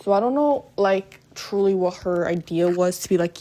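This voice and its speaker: Female true crime storyteller, lowish register, hesitant and restarting, blunt and profane in her asides. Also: normal speed, warm tone. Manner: blunt, profane asides between retelling facts. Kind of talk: casual true crime narration.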